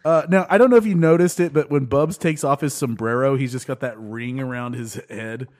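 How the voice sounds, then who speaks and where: A man in an easygoing podcast chat, telling stories that wander and restart as he goes. He laughs often, and his voice sits at an average pitch. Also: brisk, a little mellow. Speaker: podcast co-host. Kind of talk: casual chat.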